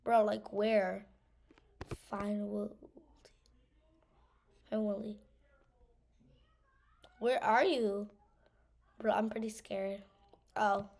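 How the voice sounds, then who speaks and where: A woman's voice: mid-range voice, creaky, a little mellow, a little hiss or hum. A woman giving casual gameplay commentary, teasing and saying "bro" a lot. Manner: teasing, says "bro" a lot, scared outbursts. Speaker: gamer.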